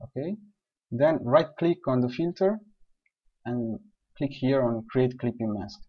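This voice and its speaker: A man calmly explaining software steps one by one in a screen-recorded tutorial. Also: mid-range voice, unhurried, husky. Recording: dull lo-fi voice recording.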